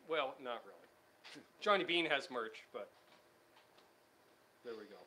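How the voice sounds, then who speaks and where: A man's voice: mid-range voice, animated, a little slow, pushed and bright. A man co-hosting a casual guitar chat, easygoing as he reads out viewer comments. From Canada. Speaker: co-host.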